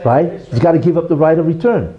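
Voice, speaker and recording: A man's voice: a little high, fast talker, dull audio. A man giving a religious lecture as a rabbi, emphatic and full of tag questions like "right?" and "you see". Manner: teaches through a parable, acting out the quarrel in raised voices.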